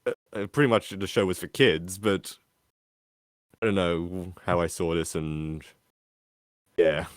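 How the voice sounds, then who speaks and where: Low-voiced man rambling on a podcast. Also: steady tone, a little slow, pauses often, no echo, clean studio sound. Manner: rambling, many restarts and fillers. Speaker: podcast co-host. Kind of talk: casual chat.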